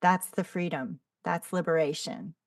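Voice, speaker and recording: A woman's voice: lowish voice, unhurried, dry recording, clean studio sound, distant mic. A woman co-hosting a podcast, affirming her partner's story with eager enthusiasm. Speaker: podcast co-host. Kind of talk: conversational discussion.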